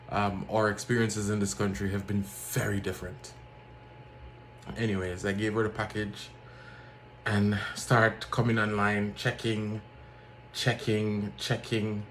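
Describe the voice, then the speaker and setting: Low-voiced man telling a story. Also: slight background noise. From Jamaica. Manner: animated, acts out other people's lines in a raised voice. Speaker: vlogger. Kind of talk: casual storytelling monologue.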